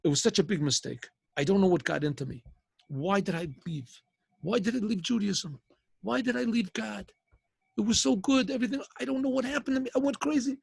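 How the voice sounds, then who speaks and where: A remorseful runaway husband pleads to be taken back, put on by a male storyteller, his voice pitched high and climbing toward a wail. The tone is husky and close, with no room sound at all. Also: no echo, exaggerated voice.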